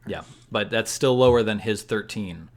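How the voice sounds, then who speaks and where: A man's voice: on the low side, normal speed. A young man acting as game master, narrating a tabletop game casually and explaining the rules step by step.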